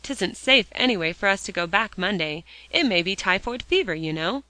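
A woman's voice: mid-range voice, expressive, moderate pace, pushed and bright, no echo. A woman voicing a sulky, hot-tempered schoolboy who grumbles indignantly, in a dry, close recording.

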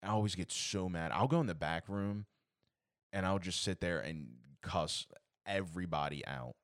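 A man's voice: deep voice, moderate pace, fairly bright tone, no room sound, clean studio sound. A young man co-hosting a podcast, ranting in an exasperated, profane way in casual chat. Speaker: podcast co-host.

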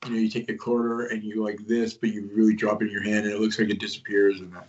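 A man's voice: lowish voice, level tone, racing, lo-fi sound, slight background noise. A man telling stories as a guest in a casual interview, rambling and conspiratorial, with many fillers. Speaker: guest, host of his own show.

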